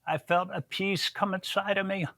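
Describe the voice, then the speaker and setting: A man's voice: high-pitched, steady tone, normal speed, pushed and bright. An older man, a guest on a podcast, telling a long personal story in a folksy way and acting out what people said. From Southern United States. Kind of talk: storytelling interview.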